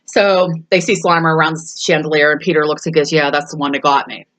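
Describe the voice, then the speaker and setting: This woman's casual movie recap is full of laughter as she walks through scenes and acts out the dialogue. Her voice sits low and steady, a bit bright, and she talks fast.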